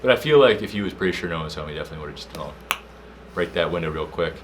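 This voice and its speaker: A young man co-hosting a casual podcast, telling a story with slang and loud acted-out quotes. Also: low voice, racing, background noise. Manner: animated storyteller, slangy, acts out quotes loudly. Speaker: podcast co-host.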